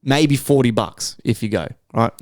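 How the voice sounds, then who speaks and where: A young man with an Australian accent tells a rambling story, swearing constantly and leaning on slang. His voice sits at an ordinary middle pitch. The recording is close and dry, with no room sound. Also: normal speed, no room sound. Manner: profane, animated storytelling with heavy slang. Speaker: podcast co-host. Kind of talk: casual chat.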